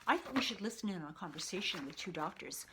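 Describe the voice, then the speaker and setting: A woman's voice: on the low side, lively intonation, fast, noisy background. A woman hosting an explanatory history video, chatting casually and reading old newspaper clippings aloud. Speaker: video host.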